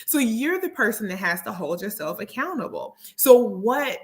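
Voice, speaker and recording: A woman's voice: fairly high pitch, sing-song, moderate pace. A woman hosting a motivational talk show, speaking earnestly and repeating key phrases for emphasis. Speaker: host; therapist and speaker.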